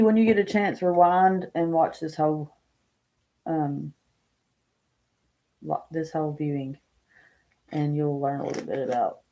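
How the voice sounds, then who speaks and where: A woman's voice: sits low, warm tone, a little hiss or hum. A woman reading tarot cards on a casual live stream, chatting with viewers by name and thinking aloud as she lays out the cards. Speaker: tarot reader.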